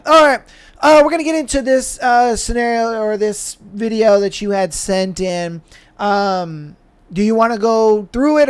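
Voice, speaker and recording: A man's voice: high voice, smooth. A man hosting a podcast in casual, slangy chat, swearing freely and leaning on fillers. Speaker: podcast host.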